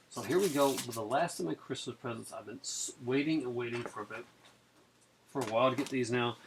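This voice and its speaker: A man hosting a casual unboxing vlog who talks in an excitable, rambling way with many fillers. He sounds chilled from being out in the cold and rain. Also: medium pitch, background noise. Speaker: video host.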